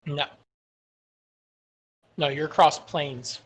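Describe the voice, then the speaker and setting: Game master narrating a fantasy tabletop session, unhurried and descriptive. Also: male voice, fairly high pitch, fairly even intonation, rough recording.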